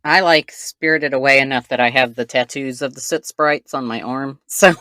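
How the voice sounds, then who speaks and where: A woman with a strikingly low yet bright voice chats casually on a podcast. She sounds relaxed and fond as she reminisces. The recording is dry and close. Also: moderate pace, no echo. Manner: relaxed, fond, laughs at own memories. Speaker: podcast co-host. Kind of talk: casual chat.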